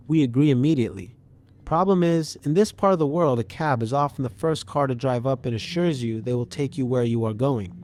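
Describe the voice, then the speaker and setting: A man narrating a scripted story with a steady, even storytelling delivery. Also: mid-range voice.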